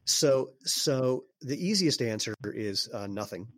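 A man speaking as an interview guest, explaining in a relaxed way with fillers and some throat clearing. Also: mid-range voice, slow, no room sound. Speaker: guest, barefoot sandal maker. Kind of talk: casual conversational interview.

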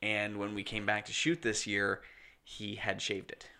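A man's voice: on the low side, monotone, a little slow, creaky, bright, forceful tone. A man who makes films, chatting casually on a podcast and teasing the others. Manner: joking, teasing. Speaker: filmmaker.

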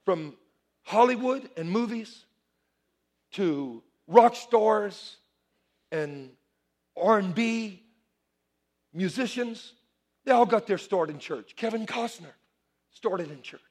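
Man, pastor, high-pitched voice, lively sermon, call-and-response, church. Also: takes it slowly, long pauses. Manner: animated preaching that swells to shouts, call-and-response. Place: church before a congregation.

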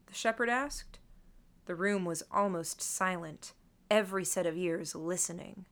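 A woman's voice: lowish voice, fairly even intonation, a little slow, a bit bright. A woman reading a first-person audiobook in a dry, wry storytelling manner. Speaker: narrator.

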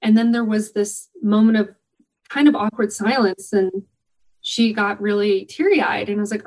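A woman in a conversational interview speaks with open enthusiasm, warmly recounting volunteer stories. Her pitch sits in a comfortable middle range. She sounds relaxed and upbeat throughout. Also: normal speed, low-quality recording. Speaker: guest, company volunteer program organizer.

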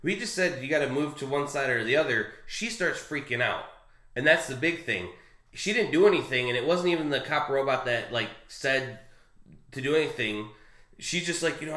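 A man chatting casually about a comic, rambling and halting with fillers and restarts. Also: medium pitch, lively intonation, bright, forceful tone, reverberant. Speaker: co-host discussing a comic. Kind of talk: casual chat.

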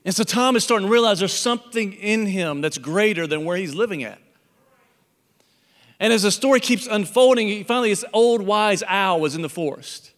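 A man's voice: high-pitched, expressive, moderate pace, fairly bright tone, big-room sound. A man preaching a sermon, telling a parable as a pastor and acting out the animal characters in it.

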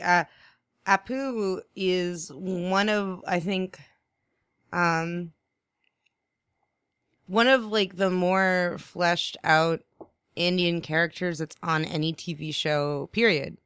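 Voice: medium pitch, slow pace, fairly bright tone, smooth, dry recording. A podcast co-host in casual chat, speaking in a thoughtful, hesitant way.

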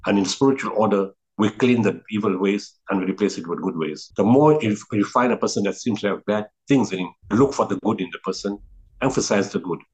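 A man's voice: on the low side, fairly quick, a little mellow, rough recording. A middle-aged man with a South African accent, telling stories in an interview, earnest and repetitive for emphasis. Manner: earnest, repeats words for emphasis, frequent restarts. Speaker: guest, founder of a relief organization. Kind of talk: reflective interview storytelling.

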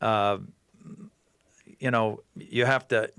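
A man with an Upper Midwest American accent talks as a radio guest, his fairly low voice bright and forceful. He speaks in an earnest, animated way, often slipping into quoting others. The sound is close and dry. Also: slow pace, clean tone, dry recording. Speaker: guest comedian and consultant. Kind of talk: casual radio interview.

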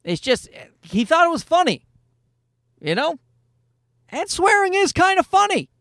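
A man's voice: extremely high pitch, very animated, measured pace, a bit bright, no echo, clean studio sound. A middle-aged man, a comedian, telling a rambling, self-deprecating story in casual monologue and swearing freely. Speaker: comedian and podcast host.

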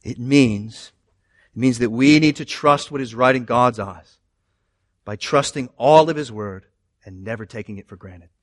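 A man preaching a sermon in an animated way, moving between loud emphasis and quiet asides. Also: medium pitch, a little slow, no echo, studio quality. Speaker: pastor.

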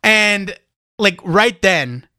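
A man co-hosting a casual comics podcast, talking excitably and rambling with lots of "like". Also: high-pitched, very slow, no echo, studio quality. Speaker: podcast co-host.

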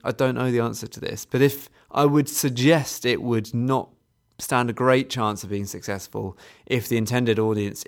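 A man co-hosting a podcast, talking things through in a thoughtful, hesitant way. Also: fairly low pitch. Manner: thoughtful, hesitant, restarts often. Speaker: podcast co-host. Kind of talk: casual chat.

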